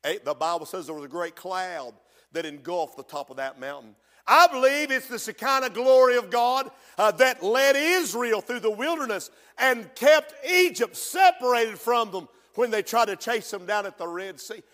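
High-voiced shouting preacher in a hall. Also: male voice. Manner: preaching with shouted peaks and drawn-out quotes. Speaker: pastor. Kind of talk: sermon.

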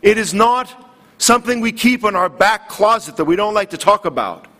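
A man's voice: sits high, lively intonation, moderate pace, pushed and bright. A man preaching a sermon, earnest and building in intensity. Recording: long hall reverb.

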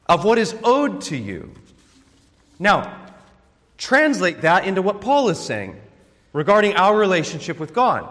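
High-voiced preacher in a reverberant hall. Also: male voice, fairly bright tone. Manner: earnest teaching tone with rhetorical questions. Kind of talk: expository sermon.

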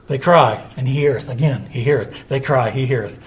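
A man preaching a sermon, repeating scripture phrases and building from quiet, drawn-out lines to loud emphatic peaks. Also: mid-range voice, lo-fi sound.

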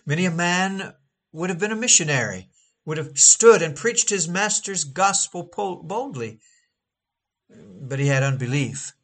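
A man's voice: on the high side, lively intonation, a little slow. A man reading a sermon aloud in a dramatic, emphatic oratorical manner, drawing out key phrases. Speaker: preacher.

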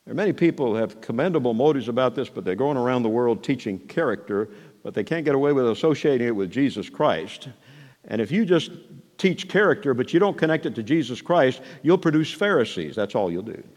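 A man preaching a sermon, moving between soft asides and raised, emphatic declarations. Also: mid-range voice, expressive, brisk. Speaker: pastor. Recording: long hall reverb.

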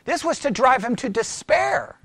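A man teaching scripture in a conversational sermon, animated and full of rhetorical questions. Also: extremely high pitch, moderate pace, no room sound. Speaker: pastor teaching.

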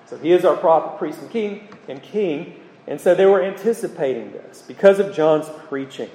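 A man preaching an expository sermon, earnest and emphatic, pausing with ums as he explains scripture. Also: a little high, expressive, dark tone. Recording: echoey hall with long reverb.

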